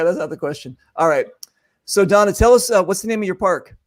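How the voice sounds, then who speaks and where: A man's voice: sits high, animated, a little fast, no room sound. A man hosting a casual video-call paintball show, joking and rambling with many fillers. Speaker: host of a paintball talk show.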